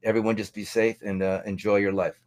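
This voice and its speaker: A man's voice: on the low side, little pitch movement, fairly quick, darkish tone, slight background noise. A man from New York, a guest musician, talking in a casual, rambling way full of "you know". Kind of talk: casual podcast chat.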